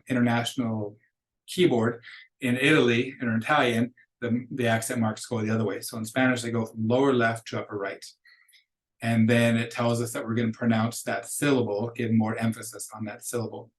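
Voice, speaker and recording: A man teaching a beginning Spanish lesson, patiently explaining rules and modeling each word slowly before repeating it. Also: medium pitch, poor audio. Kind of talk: recorded classroom lecture.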